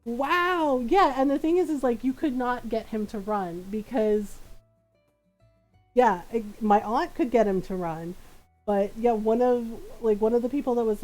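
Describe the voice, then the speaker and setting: A woman streamer tells a story in loose, casual chat. She laughs often and keeps saying "like" and "right?". Her voice sits high but sounds soft and mellow, with faint music playing behind her. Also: rough recording. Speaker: live streamer.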